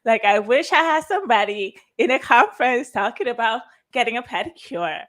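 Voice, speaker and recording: A woman's voice: on the high side, animated, a little fast, fairly bright tone. A woman organizing a conference and speaking with effusive emotion and frequent restarts. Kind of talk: heartfelt conference talk.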